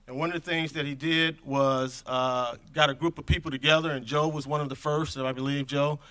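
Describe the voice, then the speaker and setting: A man's voice: a little high, fairly even intonation, a little fast, bright, forceful tone. A middle-aged man speaking at a conference, telling a personal story in an earnest, conversational way that drifts off his script. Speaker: conference speaker on infant health programs.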